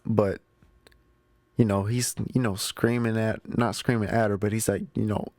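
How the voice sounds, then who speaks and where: A man's voice: fairly low pitch, level tone, normal speed, a little mellow, dry recording. A man hosting his own movie show, recapping the plot in a casual, slangy way and talking straight to his listeners. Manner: chatty, slangy, talks straight to the audience. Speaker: movie review show host.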